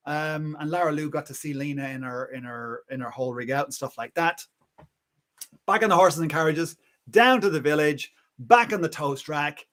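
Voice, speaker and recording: Animated rambling male storyteller. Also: a little high. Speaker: livestream host. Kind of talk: personal storytelling on a livestream.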